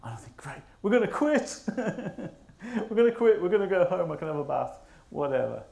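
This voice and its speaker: A minister spins a self-mocking story from the pulpit, his voice a touch higher than most men's. The sermon echoes around a roomy church. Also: sing-song, a little fast, gravelly, warm tone.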